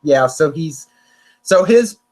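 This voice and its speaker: A man's voice: fairly high pitch, animated, slow pace, a little mellow. A young man hosting a casual chat, rambling with lots of restarts and self-corrections. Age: young adult. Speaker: podcast host. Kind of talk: casual chat about storm forecasts.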